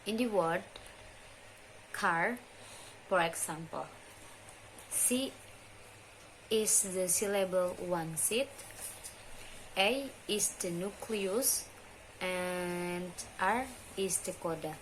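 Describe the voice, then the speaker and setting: A young woman, a student, presenting a phonology lesson in slow, halting, deliberate speech. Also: fairly low pitch, a little hiss or hum, low-quality recording. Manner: deliberate, halting delivery with restarts and mispronounced terms. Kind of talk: slow, careful lesson reading.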